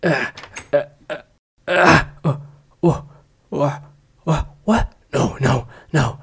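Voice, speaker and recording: A man's voice: fairly high pitch, slow pace, vocal fry, a bit bright, slightly rough, exaggerated voice. A man voicing a big bad wolf who blusters threats and turns to whiny begging. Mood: pleading. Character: big bad male wolf, pushy but cowardly. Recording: noisy amateur recording.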